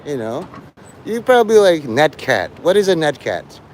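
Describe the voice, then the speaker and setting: A man's voice: fairly high pitch, sing-song, moderate pace, slight background noise. A man live-streaming in a rambling, sarcastic and profane way, mocking a chat viewer. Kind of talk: rambling livestream banter.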